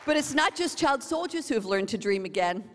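A woman's voice: on the high side, expressive, fairly quick, in a large hall, some chatter behind, a little hiss or hum. A woman preaching a sermon, telling stories dramatically and acting out what others said. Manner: dramatic storytelling, acting out quotes.

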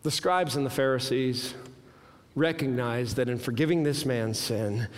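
A man in his thirties preaching a sermon, earnest and emphatic, climbing to strong peaks and dropping low. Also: takes it slowly. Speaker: pastor. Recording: reverberant hall.

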